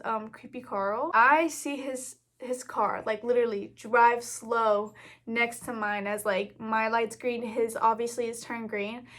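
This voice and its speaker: Chatty young woman telling a story. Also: fairly high pitch. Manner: chatty, animated, lots of filler words. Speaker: YouTuber. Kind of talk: storytime vlog.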